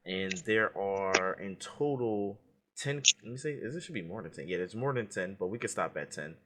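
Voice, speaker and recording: A man's voice: deep voice, lively intonation, moderate pace, fairly bright tone. A man co-hosting a casual podcast, running a movie quote quiz with a playful, teasing manner. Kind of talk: casual chat.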